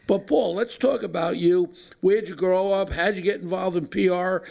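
A man's voice: high-pitched, fairly even intonation, moderate pace, gravelly, a little mellow. A brash, joking man with a New York accent hosting a podcast in casual chat. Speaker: podcast host.

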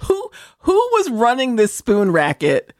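A woman's voice: fairly high pitch, unhurried, no room sound. Podcast cohost lady, jokey, voice bouncing all over the place, dry sound. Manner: lively, joking, mocking impressions. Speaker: podcast co-host. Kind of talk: casual chat.

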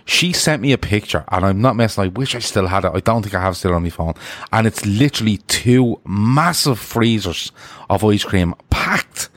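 A man's voice: lowish voice, no room sound. A man hosting a podcast, telling rambling stories between laughs, swearing freely and reading out listener comments. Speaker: podcast host.

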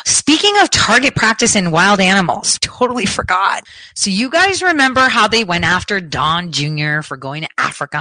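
A woman hosting a casual commentary show, her voice bright and forward. She talks in a sarcastic, blunt way, keeps cracking up, and swears freely. The recording is dry and close. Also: mid-range voice, no room sound, poor audio. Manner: giggly, keeps breaking into laughter.

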